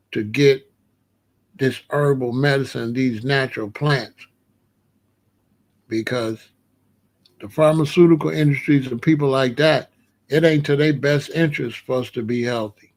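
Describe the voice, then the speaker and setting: A man in a casual monologue, talking in a slangy, emphatic way and reacting with animated disbelief. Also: medium pitch, moderate pace. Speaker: vlogger.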